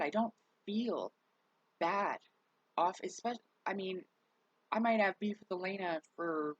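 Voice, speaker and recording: A worn-out woman, still recovering, talks candidly to her viewers in a rambling, casual vlog and curses now and then. Her voice is fairly low, and the audio is dull with no echo.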